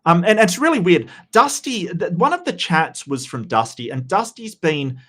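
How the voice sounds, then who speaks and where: A man's voice: high-pitched, very animated, moderate pace, a bit bright. A man hosting a live-streamed debate show, chatting casually with viewers, blunt and joking with some profanity, and reading out messages from the chat. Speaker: livestream debate host.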